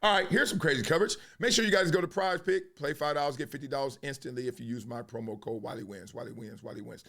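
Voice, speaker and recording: A man's voice: a little high, fast, hardly any pauses, bright, forceful tone. A man hosting a sports commentary show, talking loosely with slang and frequent laughs. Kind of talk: casual monologue turning into a rap.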